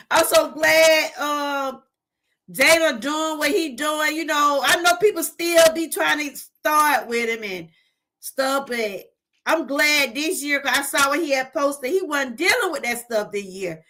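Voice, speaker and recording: Middle-aged woman, high bright voice, heartfelt livestream testimony, chatting with viewers. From Georgia, US. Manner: heartfelt, talks straight to viewers, reads out chat. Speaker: livestream host.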